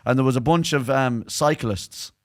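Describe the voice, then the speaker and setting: A man's voice: medium pitch, normal speed. Joking Irish podcast co-host man. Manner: banter-heavy, swears freely, tells rambling anecdotes. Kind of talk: casual chat.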